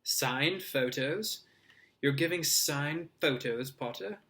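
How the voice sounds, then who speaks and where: A man reading aloud, voicing a spoiled teenage schoolboy bully who speaks in a loud, scathing, mocking way. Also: mid-range voice, a little slow, natural voice. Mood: sneering.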